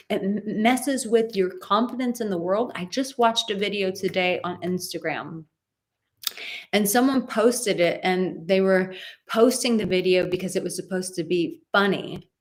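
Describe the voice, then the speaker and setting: A woman's voice: mid-range voice, a little mellow. Emphatic woman coaching in a live stream. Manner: emphatic, rambling with tangents. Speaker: dating and relationship coach.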